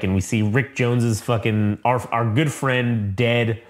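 A man's voice: mid-range voice, fairly even intonation, measured pace, few pauses. A man recaps a comic book issue in loose, casual podcast chat. He rambles, swears often, and reads the characters' lines aloud, filling the gaps with "uh" and "like.". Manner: rambling, profane, reads dialogue aloud with filler words. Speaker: podcast co-host.

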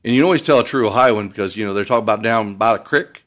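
An older man from Ohio with an Ohio accent, a pilot guest on a radio interview, chatty and animated as he tells stories. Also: lowish voice, racing. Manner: chatty storyteller, animated, fond of doing accents. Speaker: air show pilot.

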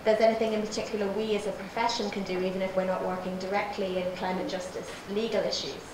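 A woman's voice: mid-range voice, little pitch movement. A woman moderating an event, politely thanking the speaker and opening the questions. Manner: polite, measured. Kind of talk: formal thanks and Q&A introduction. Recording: distant, echoey room mic with noise.

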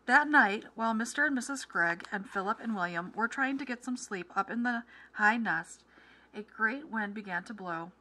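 A woman teacher reading a children's story aloud with clear, expressive delivery, then walking through comprehension questions. Her voice is bright and crisp. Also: on the high side, moderate pace.

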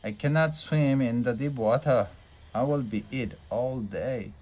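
A timid young boy from a storybook, as a man reads him aloud. He speaks softly and wistfully at a middle pitch. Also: unhurried, lightly acted, rough recording.

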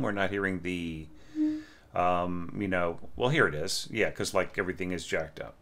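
A man's voice: sits low, normal speed, fairly bright tone. Chatty man humming melodies. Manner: loose and chatty, full of fillers, hums melody lines aloud. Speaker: orchestration teacher reviewing a student score. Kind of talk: casual spoken critique.

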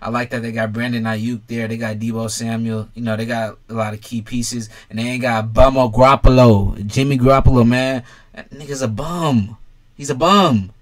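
A young man runs a casual sports vlog with a voice of ordinary, middle pitch. He talks bluntly and swears freely, calling out fans directly as he gives his rankings. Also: fairly even intonation, normal speed. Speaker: sports commentator ranking quarterbacks.

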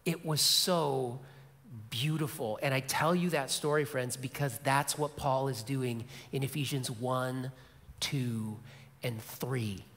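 A middle-aged male pastor preaching a sermon, telling stories and dropping to a soft, low voice for emphasis, with repeated key phrases. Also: slow. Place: large church sanctuary. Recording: long church hall reverb.

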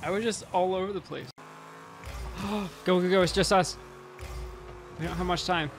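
A man chatting casually while playing a game, giggly and excitable, often yelping and laughing. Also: sits high, normal speed, soft background music. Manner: giggly, excitable, frequent yelps. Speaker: gamer. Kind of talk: casual gaming chat.

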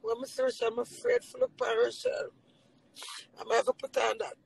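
High gravelly Jamaican woman, raw and tearful. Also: sing-song, moderate pace, poor audio. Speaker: livestreamer. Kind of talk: emotional casual monologue.

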